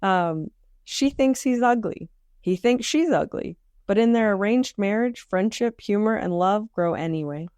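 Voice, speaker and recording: A young woman co-hosting a podcast in casual chat, encouraging and quick to laugh. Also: mid-range voice, animated, darkish tone, dry recording, clean studio sound. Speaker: podcast co-host.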